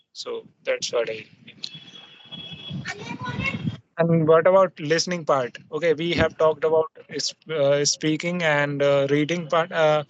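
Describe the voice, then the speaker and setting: A man's voice: a little high, slight background noise. Hesitant man, muffled audio. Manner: hesitant, many fillers and restarts. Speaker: host. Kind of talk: casual conversation practice.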